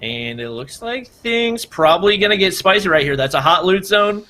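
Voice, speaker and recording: Man, esports commentator, live play-by-play, chatty analytical, lively pitch. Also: normal speed.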